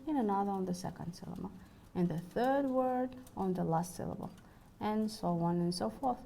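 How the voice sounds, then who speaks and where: A woman delivers a recorded university lecture. She reads from her notes in a careful, measured way. Her voice sits at a middle pitch and has a mellow, dark warmth. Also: vocal fry, a little hiss or hum.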